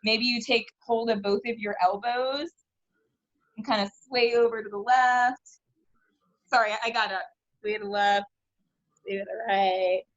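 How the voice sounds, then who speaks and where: A woman's voice: on the high side, fairly even intonation, measured pace, pauses often, dry recording. Cheerful woman teaching kids yoga over a video call, dry close sound. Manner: upbeat, encouraging, laughs often. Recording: dull lo-fi video call audio.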